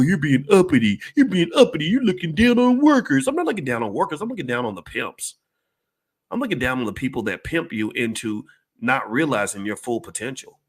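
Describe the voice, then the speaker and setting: A man's voice: fairly high pitch, fairly bright tone, husky. A man giving an impassioned speech to a live audience, talking emphatically, repeating himself and asking the crowd whether they follow. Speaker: speaker addressing a live audience.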